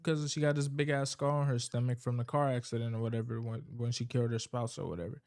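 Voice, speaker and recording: A man's voice: medium pitch, fairly quick, few pauses. A man casually recapping a horror movie's plot, rambling and swearing freely as he talks. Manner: rambling, profane, loose storytelling.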